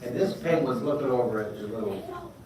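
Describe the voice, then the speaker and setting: An upbeat man leads a class of children through a drawing lesson, cheering them on and calling for answers in a medium-pitched voice. He is heard from a distance in a very echoey school hall. A clear layer of background noise sits underneath. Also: fairly quick. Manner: energetic, encouraging, call-and-response. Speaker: drawing teacher.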